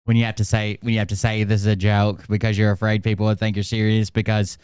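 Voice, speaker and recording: A man's voice: lowish voice, little pitch movement, fast, a little mellow, smooth, dry recording, clean studio sound. A man hosting a commentary channel, talking in a sarcastic, scornful way. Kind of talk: critical commentary.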